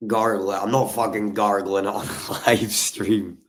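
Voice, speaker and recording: A hoarse man chatting on his livestream, his voice nearly gone. He talks slowly and lazily in a low register, swearing freely as he goes. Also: flat delivery. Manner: sweary and laid-back. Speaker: streamer. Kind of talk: casual livestream chat.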